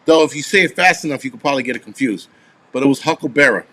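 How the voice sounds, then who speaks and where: A man's voice: mid-range voice, lively intonation, rapid-fire, a bit bright. A man in his forties hosting a casual live stream, rambling and swearing as he answers viewers. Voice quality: profane, rambling. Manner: answers viewer comments offhand.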